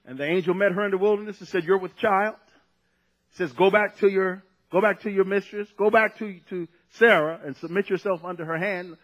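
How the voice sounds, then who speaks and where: A man's voice: sits high, fairly even intonation, brisk, a bit bright, lo-fi sound. A man preaching a sermon, conversational and at times emphatic, drawing out key phrases.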